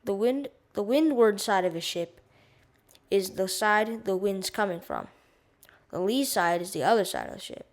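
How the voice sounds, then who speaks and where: A woman's voice: medium pitch, sing-song, normal speed. A woman reading a children's novel aloud for homeschoolers, stumbling and restarting words and stopping to explain terms. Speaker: audiobook reader. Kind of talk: casual read-aloud for homeschool.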